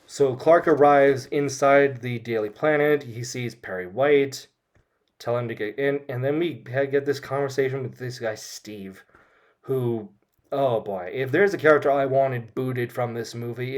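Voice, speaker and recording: A film reviewer with an ordinary mid-range pitch talks through a film in casual commentary at a measured pace, recapping scenes as he goes. He comes across as opinionated and frank.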